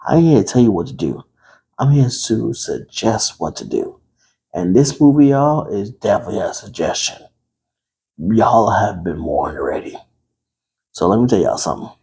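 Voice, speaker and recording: A man's voice: lowish voice, gravelly, mellow, slightly rough. A man casually reviewing a movie to camera, chatty and playful, talking to his viewers. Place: room with a TV behind him.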